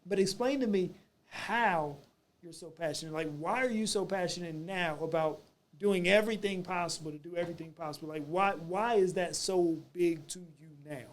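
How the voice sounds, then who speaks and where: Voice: medium pitch, normal speed. A podcast host interviewing a guest, empathetic, stringing together repeated questions. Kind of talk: conversational interview.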